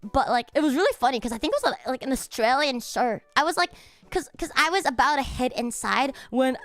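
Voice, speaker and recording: High, lively-voiced excitable woman streamer. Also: brisk, no room sound. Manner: excitable, swears casually, bursts into laughter. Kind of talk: casual livestream chat.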